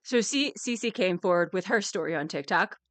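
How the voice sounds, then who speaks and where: A woman's voice: fairly low pitch, lively intonation, moderate pace, no room sound. A woman streaming a live reaction, ranting angrily and swearing, with bursts of laughter.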